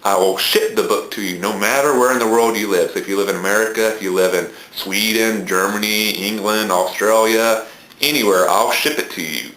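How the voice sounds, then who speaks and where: A man with a Southern US drawl speaks in a low register, filling his casual book talk with frequent ums. The sound bounces around a reverberant room. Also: a little fast, fairly bright tone. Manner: hesitant, many ums. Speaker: book reviewer. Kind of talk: casual video blog talk. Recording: echoey room.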